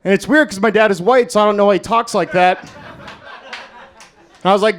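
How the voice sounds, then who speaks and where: A young American man works through a stand-up set at an open mic, speaking in a notably high register. His delivery is dry and deadpan, crude and self-mocking. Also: a little fast, long pauses. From United States. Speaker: stand-up comedian. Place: comedy club stage, Las Vegas.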